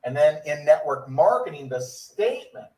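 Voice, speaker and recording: A man's voice: fairly high pitch, sing-song, normal speed, a little mellow, recorded from a distance, rough recording. A man giving a network marketing training and acting out sample conversations with prospects. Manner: conversational, acts out sample dialogues. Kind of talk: sales training talk.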